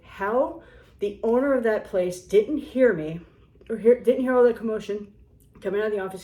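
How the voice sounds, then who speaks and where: Woman in her forties, casual storyteller, sarcastic and animated, middle pitch, roomy echo. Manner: animated, sarcastic, acts out quotes. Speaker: vlogger.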